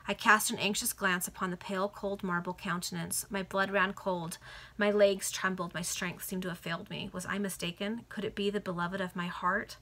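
A woman's voice: medium pitch, level tone, normal speed, sharp tone. A woman earnestly reading a Victorian novel aloud to friends over a video call, now and then correcting a slip. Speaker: reader.

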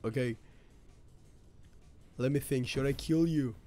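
A man with a medium-pitched voice talks slowly over soft background music while streaming a game live. He chats casually, swearing and reacting loudly to the action as he plays.

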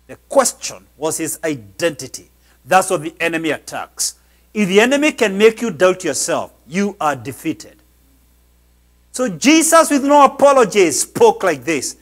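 A man's voice: high voice, very animated, a little slow, a bit bright. A man preaching a sermon as a pastor, exhorting his listeners with emphatic, insistent delivery.

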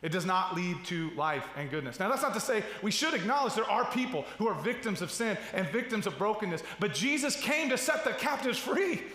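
A pastor in his thirties preaching a sermon in a church, chatty and direct, often checking in with "right?" and dropping low and quiet when telling stories. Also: expressive, fairly quick, few pauses. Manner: conversational preaching with asides and repeated "right?". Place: church sanctuary. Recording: roomy hall with long reverb.

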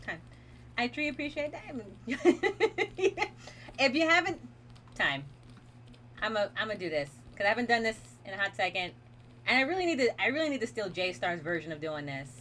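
A woman streamer with a bright, fairly high voice that swings up and down a lot as she chats with her viewers. She talks her way through a horror game, reassuring herself and laughing often. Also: sing-song, normal speed, long pauses, slight background noise. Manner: chatty, talks to chat while playing, laughs often; nervous self-reassurance while playing a horror game. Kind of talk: casual gaming commentary.

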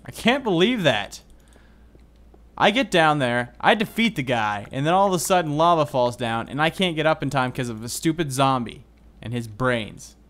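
A man commentating his own game as he plays, excitable and groaning at setbacks. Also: on the high side, normal speed. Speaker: gaming video host. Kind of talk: Minecraft let's play commentary.

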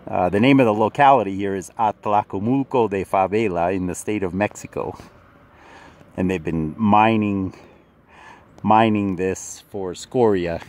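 Chatty middle-aged man, slightly low voice. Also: unhurried, darkish tone. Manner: rambling, restarts often, chuckles. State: out of breath. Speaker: vlogger. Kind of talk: casual vlog narration. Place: outdoors near a mine, walking.

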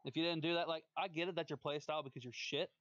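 A man's voice: on the high side, steady tone, racing, a bit bright, no echo, dull audio. A man trash-talking another player on a stream voice chat, scornful and taunting, repeating his insults. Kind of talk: trash talk between matches.

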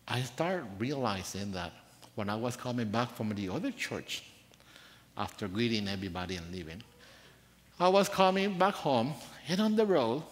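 A man preaching a sermon in a church, soft-spoken and earnest, telling a personal story with rising emphasis. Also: medium pitch. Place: church sanctuary. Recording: church hall reverb.

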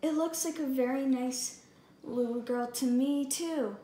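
Cheerful scheming storybook mom voiced by a woman, slow and pleased, echoey room. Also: sits high, dark tone. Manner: pleased, conspiratorial. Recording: echoey room, faint background hum.

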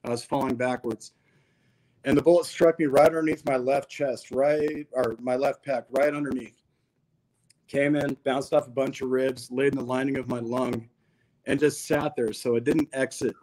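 A man's voice: medium pitch, fairly even intonation, normal speed, darkish tone, poor audio. Laid-back man telling a story. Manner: laid-back, slangy, peppers talk with "dude". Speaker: podcast guest. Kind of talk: casual storytelling interview.

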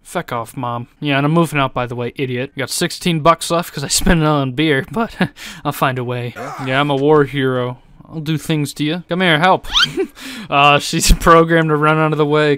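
A young man in casual gameplay commentary, his voice sitting a little high for a man. He talks in a joking, sarcastic way and breaks into laughter easily. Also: normal speed, fairly bright tone, clear, resonant tone. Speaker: gaming YouTuber.

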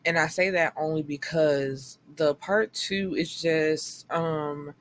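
A woman's voice: low voice, slight background noise. Blunt, chatty woman reviewing a book. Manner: candid, blunt, swears freely; animated retelling with quick acted quotes. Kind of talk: casual book review chat.

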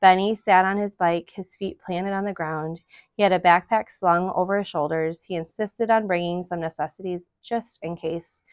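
A woman reading a children's novel aloud to school families, in steady storytelling narration. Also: on the low side, moderate pace, no room sound. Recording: dull, dry lo-fi recording.

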